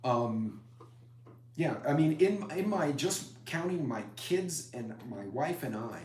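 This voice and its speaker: A man's voice: on the high side, lively intonation, takes it slowly, a little mellow, slight background noise. Middle-aged guy rambling on a live stream, chatting w commenters, roomy echo. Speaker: preparedness live-stream host. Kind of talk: casual live-stream chat with viewers. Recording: echoey room.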